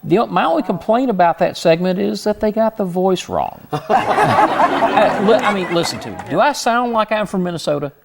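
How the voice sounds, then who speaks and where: A middle-aged man from Houston, a guest in a casual interview, telling his story in a self-deprecating way with many halting restarts. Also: sits high, big pitch swings, creaky, a loud crowd, very noisy. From Houston, Texas.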